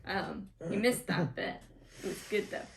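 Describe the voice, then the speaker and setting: A woman's voice: medium pitch, a little slow, vocal fry, noisy background. A woman co-hosting a casual chat about wrestling, laughing often as she talks. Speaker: podcast co-host.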